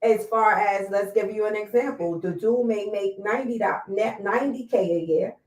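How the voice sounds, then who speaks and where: A woman's voice: mid-range voice, normal speed, a little mellow. A woman from New York, a hairstylist guest on a talk show, giving blunt, firm opinions in casual chat. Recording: roomy sound, mic far off.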